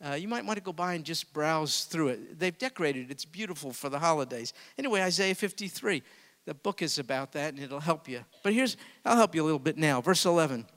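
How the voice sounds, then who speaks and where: A man preaching a sermon as pastor, swinging from hushed, intimate asides to booming emphasis. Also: animated, fairly quick, long reverb tail.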